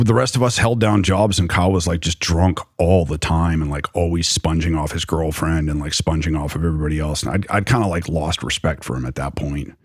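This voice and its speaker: Here a young man with a deep voice looks back on his past, telling a personal story in a loose, meandering way with lots of fillers. It's recorded in studio quality without any echo.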